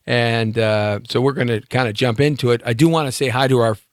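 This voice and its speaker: A man's voice: medium pitch, fairly even intonation, fairly quick, dry recording, studio quality. A man hosting a live talk show, musing and joking in a rambling way, with many fillers. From United States. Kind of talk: rambling live-stream monologue.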